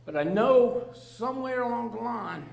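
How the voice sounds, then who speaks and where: Man, 60s, high voice, earnest storyteller with frequent laughs, echoey meeting room. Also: lively intonation, moderate pace, gravelly, darkish tone. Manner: laughs often, repeats words, plainspoken and earnest. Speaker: panel speaker in recovery. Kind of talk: personal storytelling to a live audience. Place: public library meeting room. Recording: echoey room with faint hum.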